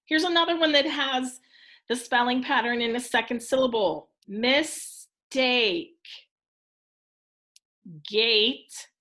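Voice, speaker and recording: A woman teacher leads a recorded phonics lesson for young children, encouraging them and sounding out every word clearly. Her voice is bright and fairly high, and she talks very slowly so the children can keep up. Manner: slow, encouraging, clearly enunciated. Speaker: elementary school teacher.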